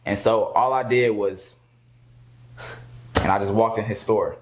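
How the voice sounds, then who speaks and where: A man recounting a story to an interviewer in loose, casual conversation. He is animated and laughs often. He slips into other people's voices as he quotes them. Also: fairly low pitch, a little slow, rough recording. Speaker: rapper guest.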